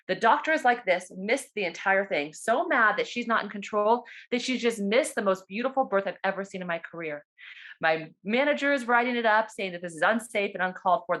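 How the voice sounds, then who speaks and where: A woman, a doula and former nurse, telling her own story in a casual, animated and excited way over a video call. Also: medium pitch. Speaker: doula and birth worker.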